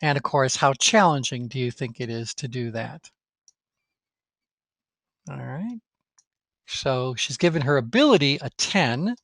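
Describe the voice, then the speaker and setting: A man's voice: mid-range voice, animated, a little slow, creaky, long pauses, fairly bright tone, no room sound. A man leading a live online training session, talking through ideas with the class in a conversational, think-aloud way and asking them questions. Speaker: course instructor.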